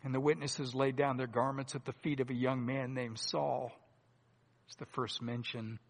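A man preaching a sermon in a deliberate, earnest way, swinging between loud emphasis and hushed asides. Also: medium pitch. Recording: long hall reverb.

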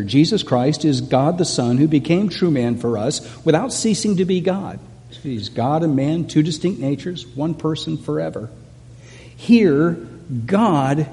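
Preaching a sermon in a church sanctuary, a middle-aged pastor speaks earnestly and conversationally, repeating himself as he works through his points. The voice is mellow, fairly dark, and pitched on the high side, ringing out through the hall with a long reverb.

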